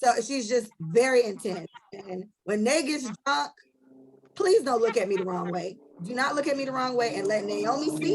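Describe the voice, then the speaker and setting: A woman talks with friends on a casual podcast, her voice sitting a little high. She tells her stories bluntly and with animation, cursing freely. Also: moderate pace. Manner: blunt, animated storytelling with profanity. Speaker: podcast host.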